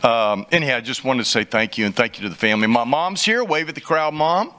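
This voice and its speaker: A man's voice: medium pitch, animated, quick pace, bright, forceful tone. A middle-aged man, a city council member, giving a rambling, joking, self-deprecating speech at a swearing-in in a council chamber.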